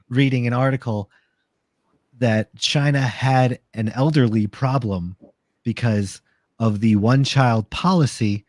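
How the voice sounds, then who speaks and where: A man's voice: mid-range voice, a little mellow, dry recording, clean studio sound. A man in casual podcast chat, slightly tipsy, rambling with many restarts and repeated words.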